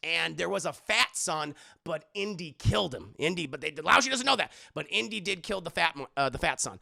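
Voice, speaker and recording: Man streamer, rambling and profane movie recap to chat, fairly high, very gravelly. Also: expressive, a little fast, pushed and bright. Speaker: movie reviewer and livestreamer. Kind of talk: casual livestream movie review.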